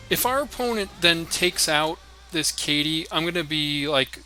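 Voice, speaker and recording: A man's voice: a little high, expressive, moderate pace, few pauses, sharp tone, faint music behind. A man streaming a card game live, thinking his moves aloud in a chatty way and talking to his opponent and viewers.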